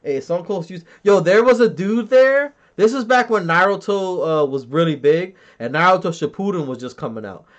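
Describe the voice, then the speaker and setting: Casually chatting on his podcast, a man in his thirties reads chat comments and spins stories, profane and joking, laughing often. His voice sits high and sounds animated, at a moderate pace with few pauses, over a dull lo-fi recording.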